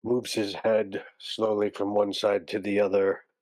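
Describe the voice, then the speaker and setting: A man playing a tabletop game, calmly narrating his character's actions. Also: lowish voice, a little slow, dry recording, rough recording. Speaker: player. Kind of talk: tabletop role-play.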